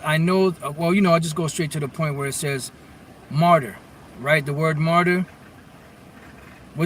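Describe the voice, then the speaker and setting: A man's voice: a little high, a bit bright. A man giving an informal scripture lesson, reading verses aloud and then explaining what the words mean, often restarting his sentences. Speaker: bible teacher. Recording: distant mic with faint vehicle noise.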